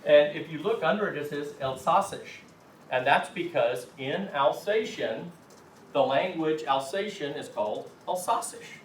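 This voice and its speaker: A man lectures a room of language students in a casual, emphatic manner, his fairly high voice unhurried and lively in intonation. A distant mic in the echoey classroom picks up slight background noise.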